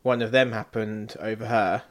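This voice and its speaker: A young man with a British accent, co-hosting a casual podcast from a flat and leading with a story. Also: on the low side, moderate pace. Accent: British English. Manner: laid-back, storytelling, laughs at own bad accents. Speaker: podcast co-host. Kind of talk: casual chat. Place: flat, indoors.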